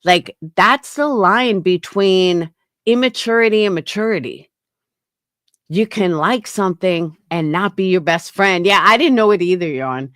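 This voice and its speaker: A woman's voice: on the low side, unhurried, fairly bright tone, no room sound, studio quality. A woman hosting a casual livestream, talking bluntly with frequent swearing and answering her chat. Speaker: livestream host.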